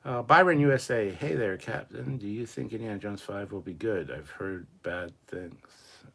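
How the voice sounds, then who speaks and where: A man's voice: lowish voice, normal speed, gravelly, fairly bright tone, breathy edge. A man hosting a casual livestream, reading viewer comments aloud and answering them in a rambling, profane, self-mocking way. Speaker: livestream host reading chat.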